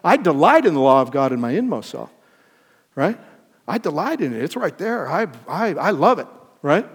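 An older man preaching a sermon, emphatic, swinging from loud peaks to soft lines and asking the congregation questions. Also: on the high side, sing-song, moderate pace, slightly rough. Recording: long hall reverb.

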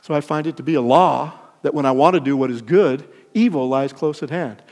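An older man preaching a sermon, emphatic, swinging from loud peaks to soft lines and asking the congregation questions. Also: on the high side, brisk. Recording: long hall reverb.

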